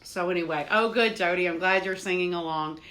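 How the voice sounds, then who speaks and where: Her lowish, somewhat bright voice runs a little fast as she chats on her home cooking livestream. She calls viewers by name, laughs easily and breaks into hymns now and then, all from a home with its doors open.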